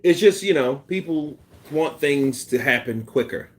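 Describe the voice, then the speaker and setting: A man's voice: a little high, lively intonation, unhurried. A man hosting a casual boxing live stream, reading chat and talking loosely with profanity and laughter. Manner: imitates punch sounds and quotes people in put-on voices.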